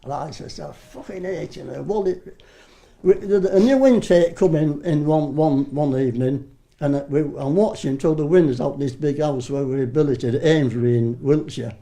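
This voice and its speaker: A man in his nineties tells old war stories in a loose, rambling way. He swears without a second thought and often stops to start a sentence again. His voice sits a little high for a man, with a dark, mellow tone. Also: moderate pace, vocal fry. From Britain. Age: 90s. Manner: rambling, salty storyteller who swears freely and restarts often. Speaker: war veteran interviewee. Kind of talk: casual reminiscing.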